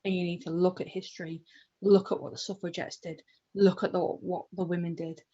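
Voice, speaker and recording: A woman speaking forcefully and emphatically as a guest in a political panel discussion. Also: fairly low pitch, level tone, brisk. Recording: dull lo-fi stream audio.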